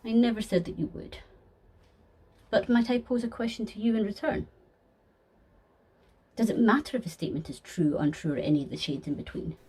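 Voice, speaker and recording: A woman's voice: medium pitch, mellow, slightly rough, close to an everyday voice. A woman voicing a sly, polished male deceiver who talks formally with dry sarcasm in a fan audio sketch. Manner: formal, measured, dryly sarcastic.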